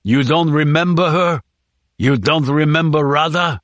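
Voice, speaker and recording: A man's voice: fairly high pitch, measured pace, a bit bright, no room sound, clean studio sound, voice pushed up. A man voicing a huge, grieving, vengeful villager with a strained, intense voice in an audiobook. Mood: strained, menacing. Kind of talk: audiobook character voice.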